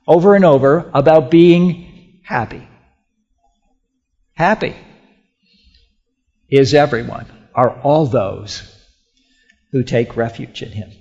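Emphatic preacher man in a reverberant hall. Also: a little high. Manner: emphatic, repeats phrases, swings from loud to hushed. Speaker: pastor. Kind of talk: sermon. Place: church sanctuary. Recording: muffled, with long hall reverb.

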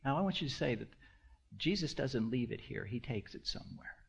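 A pastor in his sixties preaches to his congregation, posing rhetorical questions and swinging between hushed asides and loud emphasis. His medium-pitched voice is animated and fairly quick, with vocal fry and a breathy edge.

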